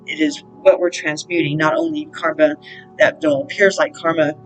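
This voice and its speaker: A woman's voice: low-pitched, steady tone, normal speed, soft background music, low-quality recording. A woman hosting her own spiritual channel, talking in a rambling, casual monologue with plenty of fillers and the odd swear word. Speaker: spiritual counselor and channel host.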